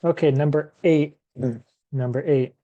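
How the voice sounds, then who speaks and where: A man teaching to Spanish speakers in a slow classroom lesson, patiently repeating each word and thinking aloud as he writes. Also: fairly high pitch, steady tone, warm tone, dull audio. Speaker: English teacher.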